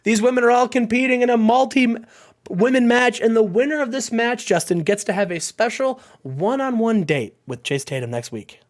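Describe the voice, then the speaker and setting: A man's voice: very high-pitched, animated, normal speed. A man hosting a playful game commentary, chatting and retelling scenes with laughs. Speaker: gaming channel host.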